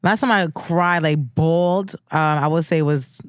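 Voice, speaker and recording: A woman talks with a candid, blunt, profane edge. Her voice sits a little low. The sound is dry and close to the mic. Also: fairly even intonation, unhurried, smooth, no room sound. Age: 30s. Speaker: podcast co-host. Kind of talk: casual chat.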